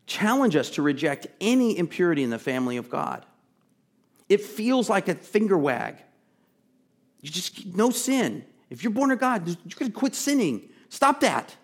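A man preaching a sermon, earnest and emphatic, chatting with asides and sometimes dropping to a soft, pleading voice. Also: on the high side. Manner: drops to a soft, intimate tone to plead. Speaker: pastor.

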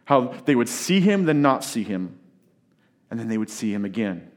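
A middle-aged man preaching a sermon, emphatic, with dramatic pauses and swings from loud to hushed. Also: medium pitch, very animated. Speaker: pastor.

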